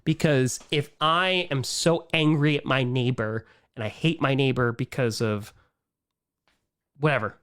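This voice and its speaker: A man's voice: medium pitch, measured pace. Exasperated man ranting on a live stream. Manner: animated, exasperated, trails off and repeats himself.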